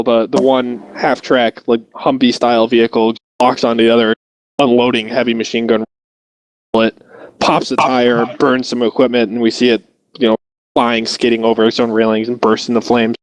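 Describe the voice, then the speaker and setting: A man's voice: medium pitch, level tone, a little fast, dry recording, low-quality recording. Man narrating a tabletop game. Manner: loose cinematic scene description with hesitant restarts. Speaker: game master.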